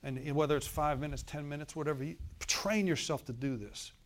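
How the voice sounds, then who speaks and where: Speaking briskly in a voice on the higher side, this pastor preaches in a homespun style directly to his flock. His intonation stays fairly even, though his volume jumps from forceful outbursts to quiet mutters.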